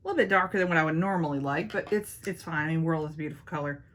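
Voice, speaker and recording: A woman's voice: sits low, racing, fairly bright tone. A young woman chatting playfully through a makeup tutorial as a beauty vlogger. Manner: playful, self-teasing, talks to viewers as y'all.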